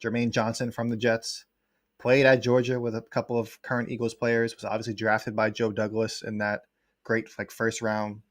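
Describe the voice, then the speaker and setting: A man, a guest sports writer, talking in a casual livestream chat, quick and rambling with many fillers. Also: on the low side, monotone, no room sound, studio quality.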